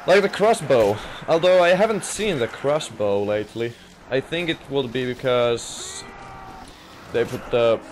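A young man from Finland giving rambling, jokey commentary over his game. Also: medium pitch. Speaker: gaming commentator. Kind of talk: casual gameplay commentary. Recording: noisy game audio behind.

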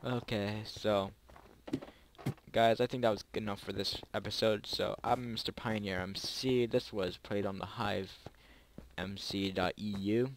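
A young man, maybe a teenager, giving chatty, rambling gameplay commentary to his viewers, with excited yelps and pleading during close calls. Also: lowish voice, measured pace, a little hiss or hum. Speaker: gaming YouTuber.

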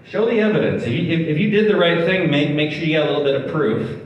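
A man's voice: fairly high pitch, fast, muffled recording. A man pastor preaching a sermon in a conversational way, with laughing asides, in a church hall. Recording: very echoey hall, distant mic.

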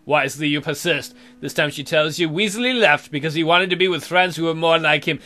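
A man's voice: a little high, animated, a little fast, few pauses, bright, forceful tone, faint music behind. A man hosting a let's play, reading the game's text aloud and adding wry, sarcastic asides. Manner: wry, sarcastic running commentary.

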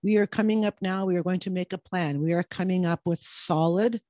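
A woman's voice: fairly low pitch, steady tone, brisk, dark tone, no room sound, clean studio sound. A woman in her fifties, a midlife mindset coach giving a blunt, profane tough-love pep talk to camera. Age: 50s.

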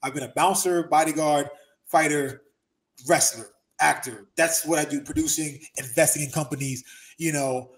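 A man in his thirties, a former pro wrestler, telling profane, lively stories as an interview guest. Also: a little high, normal speed. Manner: animated storyteller, profane, acts out quotes. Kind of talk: casual storytelling interview.

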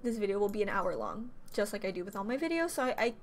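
A woman's voice: mid-range voice, lively intonation, fast, slight background noise. A young woman vlogging to her viewers, emotional and tearful, rambling and restarting her sentences as her voice breaks. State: teary, voice breaking. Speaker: YouTuber. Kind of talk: emotional vlog talk to camera.

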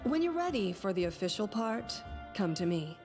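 A woman's voice: mid-range voice, big pitch swings, moderate pace, over music, natural voice. An actress voicing a formal, courteous noblewoman in a fantasy video game, heard from a distance. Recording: distant voice from off-mic.

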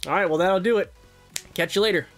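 A young man with a very high voice does fast, animated play-by-play of his own video game hockey match for his YouTube channel, rattling off the action, yelping at near misses, and laughing. Faint background music plays throughout.

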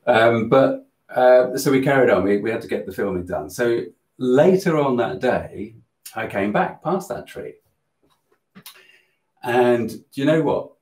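A man's voice: mid-range voice, unhurried, long pauses. Earnest man telling a story. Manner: earnest, animated storyteller with frequent restarts. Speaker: host of a spiritual channel. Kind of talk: casual storytelling in a live Q&A. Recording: roomy echo.

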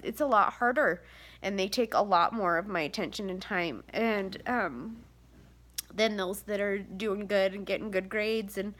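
A woman's voice: medium pitch, fairly bright tone. A tired woman in her thirties talking to the camera in a rambling, tearful confessional vlog, full of fillers and sighs. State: tired, close to tears. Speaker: vlogger, mother of seven.

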